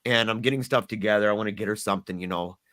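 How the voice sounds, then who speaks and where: His voice on the low side and a bit bright, a middle-aged man shares a painful story as a guest on a podcast. He is earnest, halting, and often repeats words.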